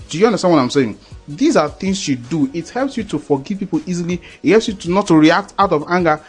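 A man's voice: high-pitched, expressive, fast talker, slightly rough, soft background music. A man preaching a sermon in an earnest, repetitive way, often checking that listeners understand.

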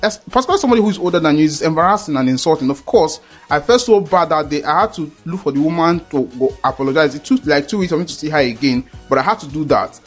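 A man's voice: fairly high pitch, lively intonation, fast, hardly any pauses, soft background music. A man preaching a sermon in an earnest, repetitive way, often checking that listeners understand.

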